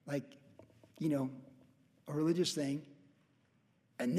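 High-voiced pastor teaching in a reverberant hall. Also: male voice, lively intonation, moderate pace, pauses often, mellow. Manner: conversational, acts out quoted voices. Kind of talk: verse-by-verse Bible teaching.

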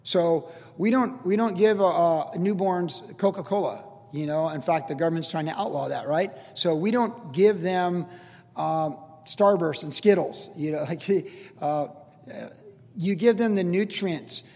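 An older man preaches a sermon, his voice pitched high. He teaches in an earnest, conversational way, slipping in casual asides as his words ring out in a long, reverberant hall. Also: unhurried, a little mellow. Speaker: pastor.

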